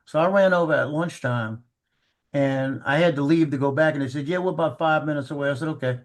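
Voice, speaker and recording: A middle-aged man telling family stories in casual chat, halting and repeating words as he acts out what people said. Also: fairly high pitch.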